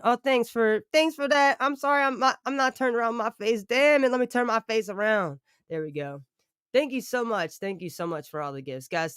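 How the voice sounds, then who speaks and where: Livestream host, casual and rambling; smooth voice, close and dry. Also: medium pitch, a bit bright, no echo. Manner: rambling, chatty, keeps thanking viewers. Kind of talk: casual livestream chat with viewers.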